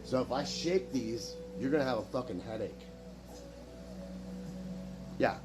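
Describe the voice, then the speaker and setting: This man talks unhurriedly in a medium pitch while music plays behind him, rambling through a casual stream full of profanity and boasts. He keeps jumping between stories, and the noisy room carries a hum.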